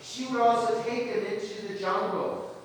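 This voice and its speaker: Earnest male preacher with a high voice, heard from a distance in a booming hall. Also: fairly even intonation, moderate pace, slight background noise. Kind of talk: sermon with storytelling. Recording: echoey hall, distant mic.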